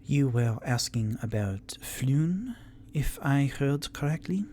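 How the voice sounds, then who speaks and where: A man voicing a suave, elegant female tiefling in a tabletop game, speaking slowly in a low, breathy near-whisper. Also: lively intonation, mellow, a little hiss or hum.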